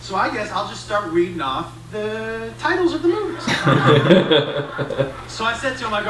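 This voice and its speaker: Middle-aged male stand-up, lively swooping delivery, profane, distant roomy stage recording. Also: high-pitched, normal speed, pauses often, background noise. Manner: animated, profane, acts out both sides of a dialogue. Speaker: stand-up comedian. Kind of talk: stand-up comedy storytelling.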